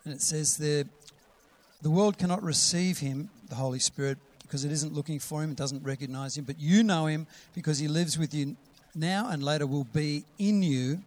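A man preaching a sermon, quoting scripture with rising emphasis and sometimes dropping to a soft whisper. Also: fairly high pitch, moderate pace. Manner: drops to a soft whisper to act out a gentle voice.

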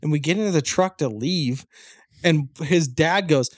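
A man co-hosting a podcast, telling a story in animated bursts and laughing mid-story. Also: on the high side, normal speed, dry recording, studio quality. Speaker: podcast co-host. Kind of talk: casual chat.

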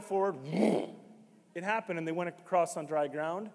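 A fairly high-voiced man preaches a sermon to his congregation, dropping to quiet, conversational asides and then bursting into loud, emphatic shouts. His voice rings out in a church sanctuary with a long hall reverb trailing behind every phrase. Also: moderate pace. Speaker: pastor.

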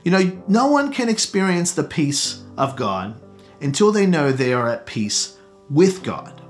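A man preaching a sermon earnestly, slowing down to stress the scripture he reads. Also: fairly high pitch, sing-song, faint music behind.

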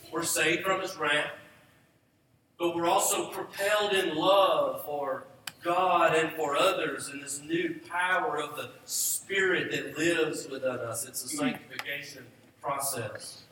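A man's voice: fairly high pitch, pushed and bright, a little hiss or hum. A male pastor preaching a sermon with emphasis, repeating rhetorical questions, recorded from a distance in a church sanctuary. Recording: distant echoey church hall.

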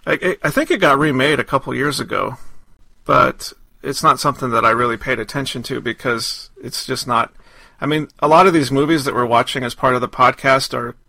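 A man's voice: medium pitch, a little fast, gravelly, pushed and bright, no echo. A man co-hosting a podcast, chatting casually and enthusiastically about a film, with frequent restarts. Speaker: podcast co-host. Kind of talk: casual chat.

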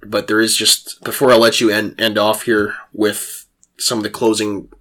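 A male podcast host telling a war story in casual chat, animated and laughing, with frequent restarts. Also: lowish voice, moderate pace.

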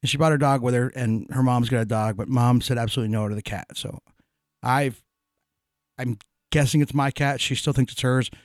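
A man's voice: medium pitch, fairly even intonation, brisk, no room sound, clean studio sound. A middle-aged man telling stories in a casual chat, profane and laughing often.

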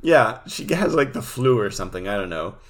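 A man's voice: fairly low pitch, lively intonation, fairly quick. A man co-hosting a podcast, recapping an episode in laid-back, filler-heavy chat. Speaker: podcast co-host.

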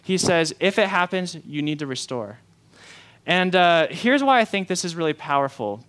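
Male pastor, conversational sermon delivery, smooth, slightly high voice. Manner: animated, conversational preaching with quoted voices.

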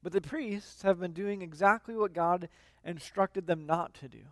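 High-voiced man preaching a casual sermon. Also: normal speed, a bit bright, no echo. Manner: conversational with frequent fillers and restarts; reads scripture aloud. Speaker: lead minister.

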